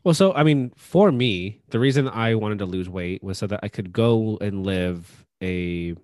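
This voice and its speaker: A man with a lowish voice talks casually into a close mic. He rambles a little and fills gaps with "like" and "right". The sound is dry and close. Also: measured pace, no room sound. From Austin, Texas. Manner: relaxed, rambling, many fillers. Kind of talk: casual chat.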